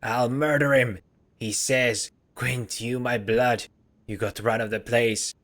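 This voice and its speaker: A man voicing a filthy, suspicious and hot-tempered male trader in a gruff, blustering way for a game. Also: medium pitch, steady tone, slow, a bit bright. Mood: angry.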